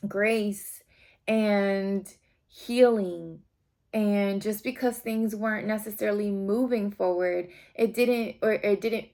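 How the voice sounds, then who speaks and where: A woman's voice: a little high, darkish tone. A woman giving a casual tarot reading, talking straight to her viewers in a rambling, heartfelt way. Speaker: tarot reader.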